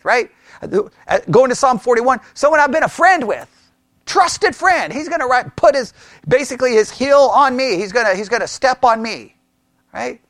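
A man leading a Bible study, his pitch swinging widely as he asks questions and thinks aloud. He restarts his sentences often in a casual teaching style. The sound is dry and close. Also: animated, normal speed, a bit bright, no room sound.

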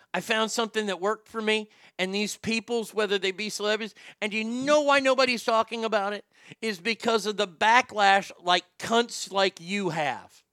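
Brief: male host, high bright voice, sarcastic and profane, dry close sound. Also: no echo. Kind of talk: ranting celebrity commentary.

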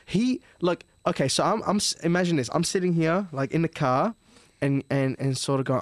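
A man's voice: a little high, normal speed, dry recording. A man, a podcast guest telling a story in a rambling, profane, casual way. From Melbourne, Australia. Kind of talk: casual chat.

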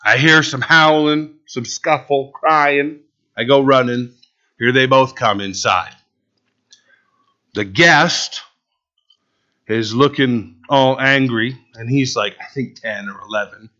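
A pastor preaching a sermon in an animated way, firing rhetorical questions and asides at his congregation. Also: medium pitch, slow pace, pauses often, highs cut off.

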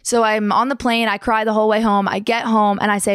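A young woman from New Jersey telling her own surfing story in a fast, chatty, animated way with casual slang. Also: mid-range voice, clean tone, dry recording, clean studio sound. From New Jersey, United States. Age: young adult.

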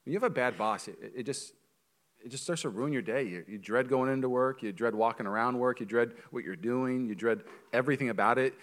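A man in his thirties, a pastor preaching a sermon in a conversational, joking way that swings from quiet to loud. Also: medium pitch, a little fast.

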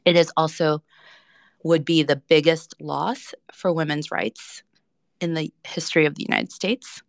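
Earnest gravelly woman lawyer. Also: sits low, little pitch movement, measured pace, no room sound, clean studio sound. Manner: earnest, many fillers. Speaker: lawyer and litigator. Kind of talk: panel discussion.

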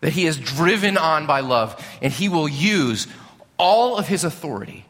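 A male preacher giving a sermon, telling the story with animated storytelling that swells and drops. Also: fairly high pitch, normal speed. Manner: animated storytelling, rising and falling. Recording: long reverb of a large hall.

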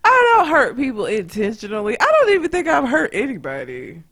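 A woman chatting on a podcast. She tells a story in an animated, profane way and laughs often. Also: high voice, a little fast. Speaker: podcast co-host. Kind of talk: casual chat, storytelling.

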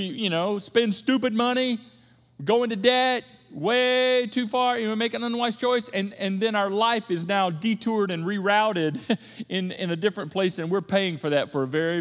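A man preaching a sermon as pastor, conversational and lively, acting out little asides. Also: high voice. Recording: long church hall reverb.

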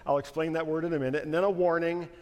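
A man's voice: a little high, racing. A middle-aged man preaching a sermon in a conversational, storytelling way. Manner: conversational, anecdotal, animated in stories. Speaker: pastor. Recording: long hall reverb.

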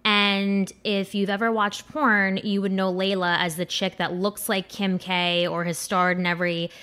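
A woman's voice: medium pitch, level tone, moderate pace, sharp tone, clean tone. Crude, rambling young woman. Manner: chatty, rambling, crude, many fillers. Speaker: commentator ranking adult performers. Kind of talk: casual unscripted commentary.

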